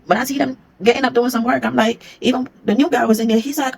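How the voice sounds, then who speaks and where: A woman's voice: fairly high pitch, creaky, husky. A woman, a former security supervisor, casually telling a storytime vlog and acting out what others said. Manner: rapid, animated retelling, acting out what others said.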